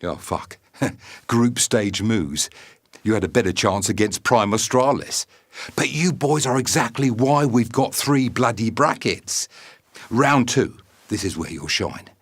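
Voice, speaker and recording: A man's voice: fairly low pitch, lively intonation, measured pace, slightly rough. A man delivering a brash, teasing comedic message full of swearing. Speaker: fighter sending a video message. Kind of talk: comedic scripted monologue.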